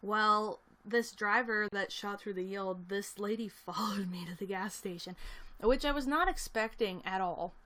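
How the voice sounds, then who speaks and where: A woman's voice: medium pitch, measured pace, sharp tone. A young woman talking casually on her livestream, rambling through a story with frequent "like"s and small laughs. She sits at her computer, talking to a camera on a selfie stick, and snacks as she reads the chat. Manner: snacking and reading chat aloud.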